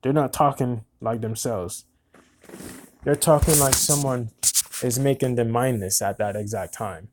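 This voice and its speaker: A man in his twenties telling a personal story in a halting, earnest way, often repeating words. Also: mid-range voice, noisy background. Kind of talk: personal monologue recounting events.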